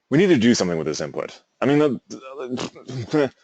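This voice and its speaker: A man's voice: mid-range voice, slightly rough, no room sound. A male teacher giving a casual classroom lecture, wandering into amused side stories. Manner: casual, rambling, self-amused asides.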